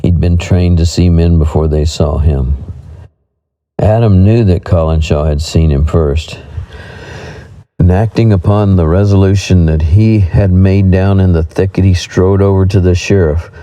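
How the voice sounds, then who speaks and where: Deep, dark-voiced male narrator. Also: a little slow, rough recording. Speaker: audiobook narrator. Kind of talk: audiobook narration of a western.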